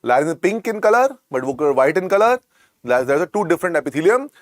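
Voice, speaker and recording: A middle-aged medical lecturer with an Indian accent coaches students for an exam, speaking fast and very animatedly in a slightly high voice that swings widely in pitch. He repeats each point and coaxes the class, calling students "beta." The recording is close and dry, with no echo.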